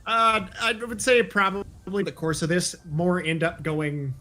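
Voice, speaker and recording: A man's voice: high-pitched, fairly even intonation, a little slow, pushed and bright. A man running a tabletop game as game master, giggling often and describing injuries vividly.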